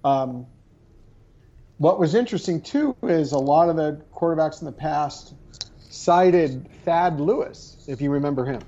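A man with a fairly high, mellow voice talks through a sports chat, often restarting his sentences. The recording sounds dull and lo-fi. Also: lively intonation, a little slow. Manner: hesitant, restarts often, cautious phrasing. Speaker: sports podcast co-host.

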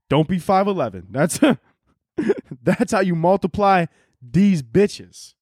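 A man's voice: high-pitched, lively intonation, takes it slowly, a little mellow, dry recording, studio quality. A man hosting a solo podcast from home, riffing in loose, profane, rambling comic rants. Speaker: podcast host. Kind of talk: casual solo podcast monologue.

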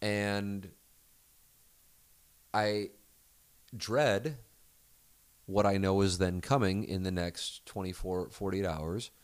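Talking solo on the podcast he hosts, a middle-aged man from the United States wanders through a candid monologue, self-correcting frequently and dropping the occasional curse. He speaks slowly with a low, steady, clean voice and pauses often, captured in a dry recording.

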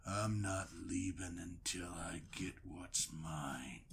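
A man voicing a menacing giant male wrestler in a low, slow growl. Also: a bit bright, exaggerated voice.

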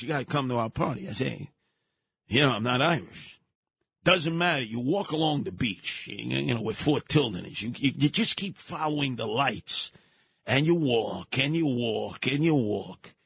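An older man, hosting a radio talk show and telling lively stories from his youth, with occasional shouting. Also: mid-range voice, husky, dry recording. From New York. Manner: animated, colorful storytelling with bursts of shouting. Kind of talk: storytelling monologue.

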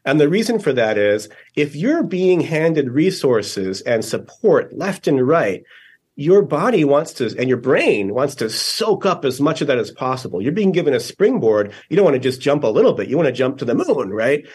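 A man's voice: medium pitch, very animated, normal speed, a little mellow, slightly rough. A man, a guest author in a podcast interview, explaining ideas patiently with frequent fillers and checking questions. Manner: thoughtful, explanatory, many fillers and "right?".

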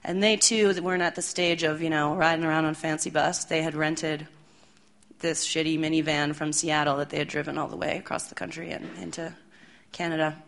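A woman spins a tour story on stage in a relaxed, chatty way, full of "like" and "you know." Her voice sits a little low. Faint noise hums behind her. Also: brisk, gravelly. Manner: chatty, laughing, full of fillers. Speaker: storyteller at a live show. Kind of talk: live storytelling. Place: live venue stage.

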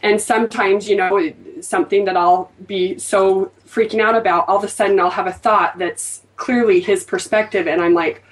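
A woman's voice: medium pitch, steady tone, normal speed, hardly any pauses. Chatty woman, distant mic. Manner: chatty, self-deprecating, acts out her own thoughts. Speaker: guest. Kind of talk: casual podcast chat.

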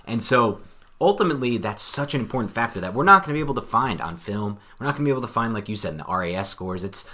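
A man co-hosting a podcast, talking through the draft in a fast, animated, casual way. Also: fairly low pitch. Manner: fast, animated, thinks aloud. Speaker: podcast co-host. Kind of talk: casual sports chat.

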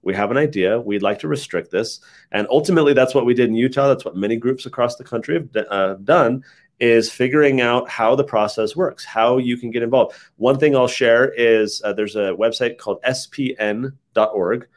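Relaxed man telling a story. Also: medium pitch, brisk. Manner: relaxed, frequent "like" fillers. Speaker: interview guest, think tank head. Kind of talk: casual conversational storytelling.

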